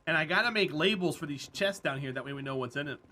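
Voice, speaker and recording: Bright-voiced chatty male streamer. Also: on the high side, animated, fast talker, slight background noise. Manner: chatty, laughs often, talks to chat by name. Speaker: streamer, host. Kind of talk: casual live-stream chat while gaming.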